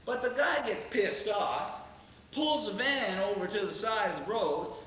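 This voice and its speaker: A man acting out a rowdy young stoner, high-voiced and rambling with crude laughs. His bright, sharp tone rings out across a theatre stage. It is recorded from well back in the room, with heavy echo. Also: a little slow, a little hiss or hum. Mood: crude bragging. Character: rowdy young male stoner bragging about a wild ride. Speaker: stage actor in a one-man show. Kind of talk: theatrical monologue. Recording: echoey stage from far off.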